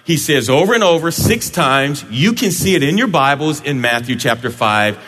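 A male pastor delivering a sermon in a church sanctuary, playful and animated as he jokes with his people. His voice sits fairly high and swings widely up and down. A long hall reverb trails every phrase. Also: moderate pace. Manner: playful, animated, joking with the congregation.

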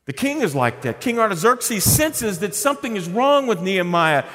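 A middle-aged male pastor preaching a sermon in a conversational, humorous way, often dropping to a quiet voice. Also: high voice, sing-song, normal speed, long reverb tail.

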